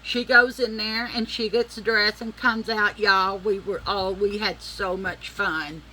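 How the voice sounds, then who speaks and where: A woman vlogging as she does her makeup, telling a story in a chatty, animated and profane way, acting out the people in it. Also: mid-range voice, slow, a little hiss or hum, poor audio. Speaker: beauty vlogger.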